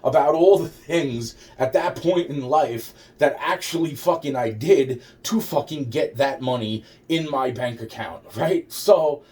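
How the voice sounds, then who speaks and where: A man's voice: medium pitch, a little slow, hardly any pauses, darkish tone, distant mic. A man telling a rambling, profane personal story with sarcastic asides.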